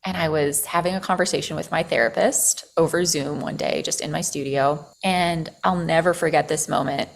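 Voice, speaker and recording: Podcast guest, female, lower-pitched, chatty storyteller with lots of "like" and casual swearing. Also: normal speed, vocal fry, hardly any pauses, slight background noise. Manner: animated, frequent "like" fillers, swears casually.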